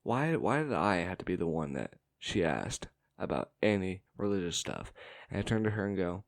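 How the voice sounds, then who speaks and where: A man casually telling a family story, rambling and halting, with fillers and swearing. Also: lowish voice, lively intonation. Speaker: storytime vlogger.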